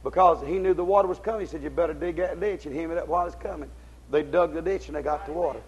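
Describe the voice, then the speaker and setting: A man preaching a fiery sermon, in folksy, ungrammatical speech, swinging between shouted exhortation and low, intense tones. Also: quick pace, slightly rough, lo-fi sound.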